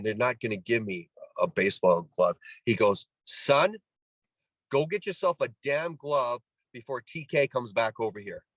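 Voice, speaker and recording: A middle-aged Canadian man, once a professional ball player, tells a story as a guest in a relaxed interview. His voice is fairly low, and the recording is low quality with no room sound. He's animated, acting out the voices of the people he quotes and frequently restarting his sentences.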